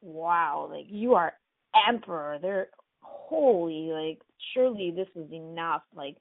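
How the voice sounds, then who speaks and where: A woman's voice: deep voice, expressive, unhurried, dry recording. A woman voicing a timid, apologetic fisherman who is easily awed, over a tinny phone-like line. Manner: hesitant, sheepish, gushing when amazed.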